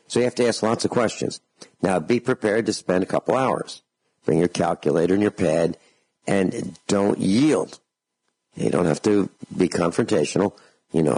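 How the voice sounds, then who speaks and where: A man hosting a talk radio show, giving slow, deliberate advice and repeating phrases for emphasis. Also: deep voice, vocal fry, darkish tone, breathy edge, no echo, low-quality recording.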